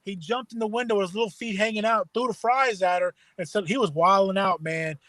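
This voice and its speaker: A man from Texas chats as a podcast guest in a high voice. The sound is close and dry. He tells his stories in an animated way, full of "uh" and restarts. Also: a little fast, dry recording. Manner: animated storyteller, full of fillers. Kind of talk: casual storytelling chat.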